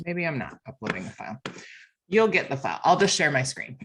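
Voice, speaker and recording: A woman's voice: low-pitched, sing-song, moderate pace, pauses often, fairly bright tone, husky. A woman filling in as host of a video call, chatty and self-deprecating, laughing often. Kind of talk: casual video call chat.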